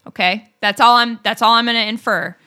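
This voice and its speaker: A woman's voice: on the high side, brisk, clear, resonant tone. A young woman co-hosting a podcast, telling stories in a casual chat and breaking into laughs and swearing along the way. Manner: animated storyteller, laughs often, swears freely. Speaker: podcast co-host.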